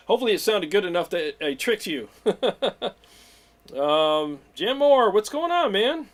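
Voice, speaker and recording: A man's voice: high-pitched, takes it slowly. Guy hosting a live stream, hyped up and rambly, chatting with viewers. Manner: excitable, rambling, greets viewers by name. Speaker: livestream host. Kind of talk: casual livestream chat.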